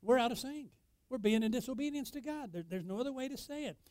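A male pastor preaching to his congregation, asking them questions and swinging between loud emphatic peaks and low, quiet stretches. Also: lively intonation, fast, clear, resonant tone, dry recording. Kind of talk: sermon.

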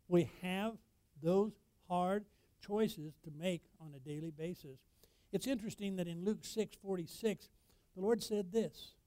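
High-voiced pastor preaching a sermon. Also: male voice, no room sound. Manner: preacherly, rising to loud emphatic peaks and dropping low; asks the congregation questions.

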